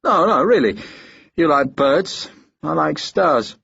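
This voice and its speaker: Tipsy brooding army officer, narrator doing him, musing, slightly higher voice. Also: male voice, lively intonation, slow, creaky, a bit bright, slightly rough, muffled recording, exaggerated voice. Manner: loose-tongued, musing.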